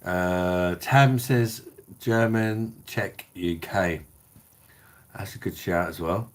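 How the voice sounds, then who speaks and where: A man's voice: deep voice, slow pace. A middle-aged man hosts a casual live stream, tipsy and sweary, reading out viewer comments. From England. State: tipsy from drinking. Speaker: beer review channel host.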